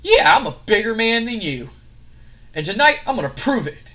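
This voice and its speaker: A man's voice: high voice, sing-song, moderate pace, sharp tone, exaggerated voice. A man voicing a cocky male wrestling champion who answers a challenge with firm defiance. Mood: defiant.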